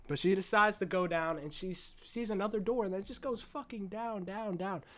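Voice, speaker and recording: A man recapping a horror movie in a casual, profane, excited and rambling way, seated at his desk. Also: sits high, brisk. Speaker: movie reviewer.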